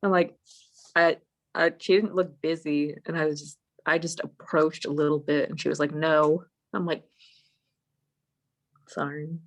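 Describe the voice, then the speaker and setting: Animated, foul-mouthed young woman telling a story. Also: low-pitched, moderate pace. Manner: animated, swears often, acts out her own past lines. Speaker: guest. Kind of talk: casual storytelling chat. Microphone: online voice call.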